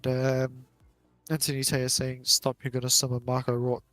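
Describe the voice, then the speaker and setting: A man doing live esports commentary, chatty and jokey, quick to laugh as he calls the action. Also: medium pitch, monotone, fairly bright tone, no echo, soft background music.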